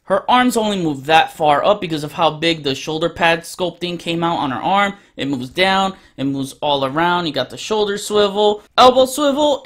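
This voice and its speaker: A man's voice: fairly high pitch, a bit bright. A young man giving a casual, chatty review of an action figure as the channel's host. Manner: chatty, informal, with fillers.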